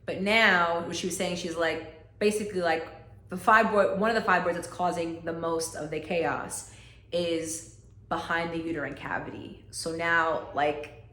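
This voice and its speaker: A woman recounts a personal testimony to her viewers in an easygoing, talkative way, peppered with "like" and "y'all." Her voice sits a little low, and she shifts her pitch to play the people she quotes. The room has a noticeable echo. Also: steady tone, measured pace, fairly bright tone. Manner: chatty, heavy use of "like", addresses viewers as "y'all". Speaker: vlogger sharing a personal health testimony. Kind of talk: casual storytelling testimony.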